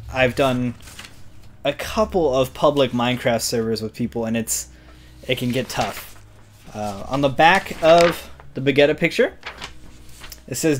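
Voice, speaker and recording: Rambling man reading fan mail. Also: mid-range voice. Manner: rambling, self-deprecating, trails off quietly. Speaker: channel host. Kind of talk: casual fanmail reading.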